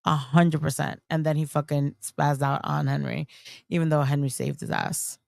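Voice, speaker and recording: Woman, livestream host, gravelly, emotional, profane, dry sound. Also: deep voice, fairly even intonation, normal speed, dry recording. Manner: emotional, swears a lot, rambling. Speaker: streamer host. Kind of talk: casual livestream chat.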